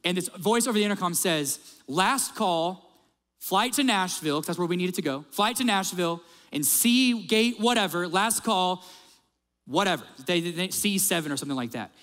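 A middle-aged man preaches, telling his story with animated, conversational energy and talking straight to the listeners. His voice sits high for a man. The sound carries the long tail of a large hall. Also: moderate pace. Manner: animated, conversational, addresses the congregation directly. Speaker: pastor. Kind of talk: storytelling sermon.

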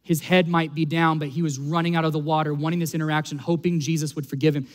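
A man's voice: fairly high pitch, flat delivery, fast. A man preaching a sermon, earnest and building to emphatic peaks. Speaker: pastor.

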